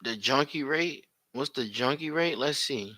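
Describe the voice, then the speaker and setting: A young man giving blunt, profane live reaction commentary full of slang and loud outbursts. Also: mid-range voice, unhurried, dry recording.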